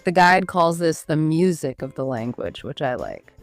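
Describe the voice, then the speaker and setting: A woman's voice: low voice, big pitch swings, normal speed, no echo, faint music behind. A woman co-hosting an educational podcast, walking listeners through study steps one by one in an upbeat chatty way. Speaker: podcast co-host. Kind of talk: scripted educational podcast chat.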